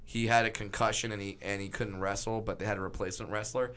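Bright-voiced stammering excitable man. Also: lowish voice, fast, smooth. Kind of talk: casual podcast chat.

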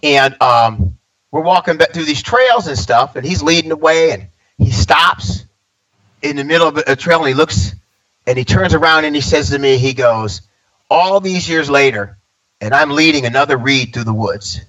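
A man's voice: on the high side, moderate pace, rough recording. Man in his fifties telling a story. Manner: animated storyteller acting out quoted dialogue. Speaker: stand-up comedian guest. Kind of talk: personal storytelling in casual conversation.

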